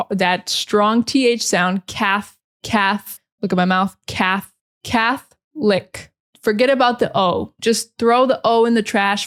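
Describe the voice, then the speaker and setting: American woman teaching pronunciation slowly. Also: medium pitch. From United States. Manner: slow, clearly articulated drills with repeated model words.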